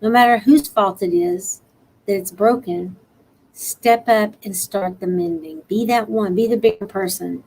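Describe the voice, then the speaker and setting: An earnest woman from Texas hosts an encouraging live-stream talk, her voice a little worn from a long night. She laughs easily between her calls to help others, at an ordinary mid-level pitch. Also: fairly even intonation, unhurried, a little mellow, rough recording. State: tired after a long night. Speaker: show host.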